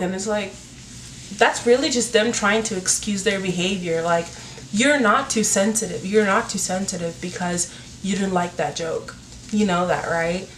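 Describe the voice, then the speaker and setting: A woman's voice: mid-range voice, moderate pace. Female host, earnest casual advice chat with lots of fillers, recorded distant with faint hiss. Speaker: YouTube talk host. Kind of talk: casual advice talk while doing her hair. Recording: roomy, from a distance, faint noise.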